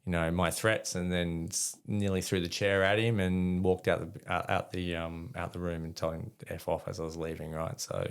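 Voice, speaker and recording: Deep gravelly Australian man. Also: flat delivery, moderate pace, hardly any pauses. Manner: rambling, many fillers and restarts, acts out dialogue. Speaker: podcast guest, army veteran. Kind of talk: casual storytelling.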